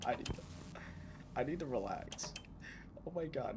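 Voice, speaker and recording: A young man doing casual gameplay commentary on a horror game, excitable and swearing a lot as he talks to himself. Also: medium pitch, moderate pace. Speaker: gaming YouTuber. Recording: noisy game audio.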